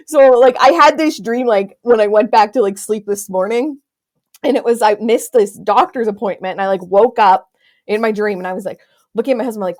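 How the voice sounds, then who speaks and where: A woman's voice: a little high, brisk, a little mellow. A young woman hosting a podcast in casual chat, talking in a chatty, filler-heavy way. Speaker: podcast host.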